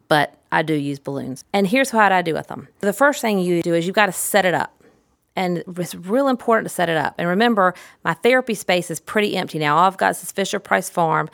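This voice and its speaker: A middle-aged woman therapist explains her methods in a lively, demonstrative way, leaning hard on key words. Her voice sits a little low. The recording is close and dry, with no room sound. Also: dry recording. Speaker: pediatric therapist. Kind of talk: instructional talk.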